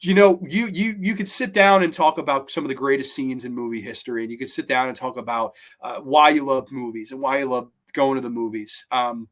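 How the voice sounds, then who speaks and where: An enthusiastic man talks through a film review in a loose, rambling way. His voice sits at an ordinary middle pitch as he hosts the show. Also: fairly bright tone. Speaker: podcast host.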